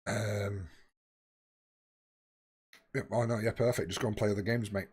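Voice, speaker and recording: Husky-voiced streamer, sweary. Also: male voice, fairly low pitch, steady tone, measured pace, long pauses, darkish tone. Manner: chatty, swears freely, talks to viewers by name. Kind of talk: casual live-stream chat while playing.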